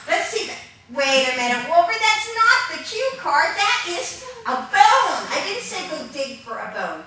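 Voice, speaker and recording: Animated woman teaching from far off in an echoey room. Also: fairly high pitch, background noise. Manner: animated, calls out to the audience and coaxes them. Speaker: puppet ministry teacher. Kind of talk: children's ministry puppet demonstration.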